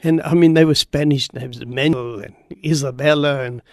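Brief: man, guest pastor, gravelly voice, slow emphatic storytelling. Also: mid-range voice, fairly even intonation, a little mellow, dry recording, studio quality. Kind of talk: preaching and storytelling on radio.

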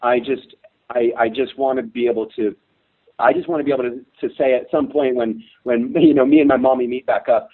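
A man's voice: mid-range voice, animated, brisk. A middle-aged man talking in an emotional interview, hesitant and full of restarts, sometimes choked up. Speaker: interview guest. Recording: tinny phone line.

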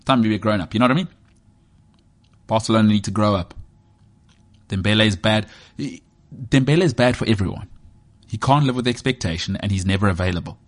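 With a lowish voice and a brisk pace broken by long pauses, a thirtysomething South African man hosts a sports podcast. His monologue wanders, jokes, and pokes fun at himself.

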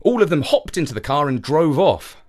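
Lively man reading a children's story. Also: fairly high pitch, normal speed. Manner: animated storytelling, acts out characters. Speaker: story reader and presenter.

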